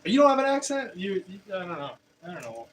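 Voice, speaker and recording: A man with a high voice and big swings in pitch talks quickly as he livestreams from a pottery studio, chatting with his viewers over the running wheel. His talk rambles and hesitates, full of fillers and restarts. A distant mic picks him up along with faint room noise.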